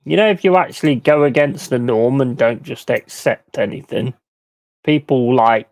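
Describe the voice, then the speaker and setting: A man's voice: medium pitch, moderate pace, a little mellow, dry recording. A middle-aged man hosting a live stream, ranting bluntly and swearing freely in casual chat. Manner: mimics other people in quoted voices. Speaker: livestream host.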